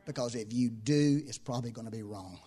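A man preaching a sermon as pastor, talking in a conversational way that shifts from quiet, low reflection to loud, high-pitched emphasis, and repeating key phrases to drive them home. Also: brisk, breathy edge.

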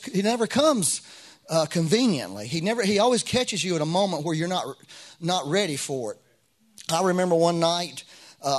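A middle-aged man preaching a sermon as pastor, in a conversational way with frequent restarts and rising bursts of emphasis. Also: fairly high pitch.

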